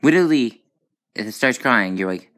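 A woman chats her way through a video game in casual commentary. Her voice sits unusually deep for a woman, yet it swings around with lively, animated pitch. She rambles and gets excitable, breaking into sudden high outbursts. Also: normal speed. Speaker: gaming channel host.

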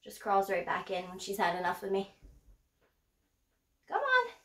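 A woman showing her pet snake in a casual vlog, chatty, laughing often and whooping with excitement. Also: mid-range voice, quick pace. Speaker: snake keeper vlogger. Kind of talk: casual show-and-tell vlog. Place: indoors room by a snake enclosure. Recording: echoey room.

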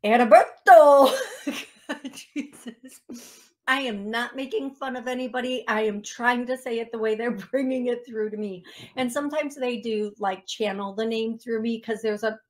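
Fairly high-pitched and moderately paced, this American radio host keeps her intonation fairly even. She runs a psychic medium show, chatting casually and poking fun at herself with frequent laughter.

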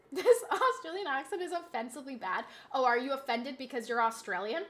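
Bright, high-voiced giggly woman streamer. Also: lively intonation, moderate pace. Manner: giggly, chatty, talks straight to chat. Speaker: game streamer. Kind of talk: casual live-stream chat.

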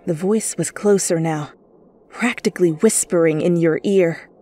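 Slow soft-voiced woman, whispered role-play. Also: on the low side. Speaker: fanfiction reader. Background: faint music.

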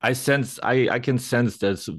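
A man hosting a podcast, asking questions and responding in a supportive, measured way, often repeating words as he gets started. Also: mid-range voice, no room sound, clean studio sound. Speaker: podcast host. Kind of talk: interview questions and affirming replies.

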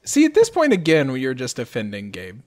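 A man's voice: mid-range voice, wildly swooping pitch, a little fast. A man co-hosting a podcast, chatting casually in a rambling, jokey way. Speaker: podcast co-host. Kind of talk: casual chat.

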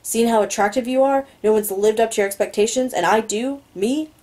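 A woman's voice: on the high side, brisk, dark tone, close to an everyday voice. A woman voicing an intense, controlling young man who growls his lines in exasperation in an audiobook reading. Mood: incredulous.

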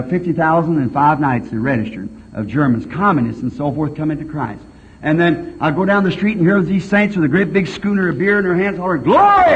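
A preacher telling folksy stories in a sermon, animated, rising to shouts when excited. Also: male voice, on the high side. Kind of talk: storytelling sermon. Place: church hall with congregation. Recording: muffled old sermon tape.

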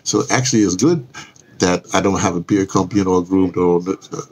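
An older man vlogger chats loosely on a live stream from somewhere cold outdoors, drifting off topic and correcting himself with chuckling asides. His voice is low-pitched and darkish, at a normal speed.

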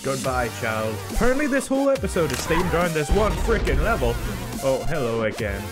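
A young man doing let's play commentary on a game, frantic and swearing, yelling at the game as he plays. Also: on the high side, very animated, fast, over music. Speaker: gaming video host.

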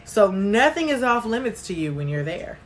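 A woman's voice: medium pitch, very animated, moderate pace. A woman hosting a casual live stream, chatty and bubbly, greeting viewers by name and reading their comments aloud. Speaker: livestream host.

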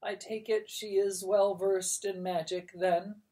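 A woman voicing an ailing old wizard who speaks softly and resignedly. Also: medium pitch, flat delivery, slow pace, voice pushed up, natural voice. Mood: weary. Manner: soft and resigned. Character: weary, sick old wizard, mild and meek.

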